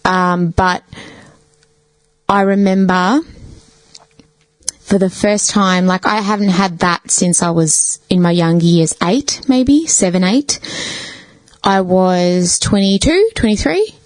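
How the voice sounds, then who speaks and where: A woman's voice: on the low side, slow, pauses often, no echo, low-quality recording. A woman, a podcast guest telling a personal story in casual chat, swearing freely and filling with "like". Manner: chatty, swears freely, fills with "like".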